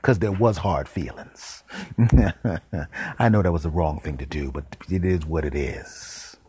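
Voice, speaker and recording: A man hosting a podcast, telling an absurd comedic story in a deadpan, rambling way and switching into voices for the characters. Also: sits low, slightly rough, no echo. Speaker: podcast host.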